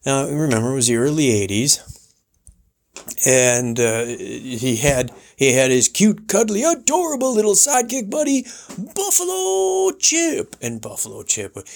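A man's voice: medium pitch, very animated, moderate pace. A man in his forties from Michigan hosting a chatty, rambling solo podcast. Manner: chatty, rambling, laughs and restarts. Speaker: podcast host. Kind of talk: casual solo podcast monologue.

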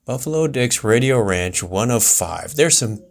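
A man's voice: mid-range voice, animated, measured pace, creaky. A man in his forties from Michigan hosting a chatty, rambling solo podcast. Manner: chatty, rambling, laughs and restarts. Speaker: podcast host. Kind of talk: casual solo podcast monologue.

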